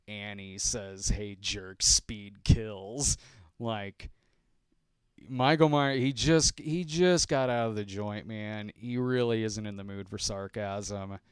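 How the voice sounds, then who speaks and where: A man's voice: lowish voice, clear, resonant tone, no echo, clean studio sound. A middle-aged man hosting a podcast, chatting casually through viewer questions, rambling and restarting his sentences. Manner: rambling, frequent restarts and fillers, chuckling. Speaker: podcast host. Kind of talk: casual live stream chat answering viewer questions.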